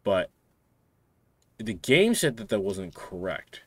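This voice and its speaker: A man's voice: lowish voice, big pitch swings, slow pace. A man streaming a game, explaining it and chatting casually to viewers, rambling with restarts. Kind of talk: casual live-stream chat.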